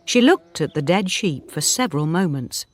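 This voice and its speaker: A woman narrating an audiobook for English learners, reading slowly, clearly and expressively. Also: on the low side, expressive.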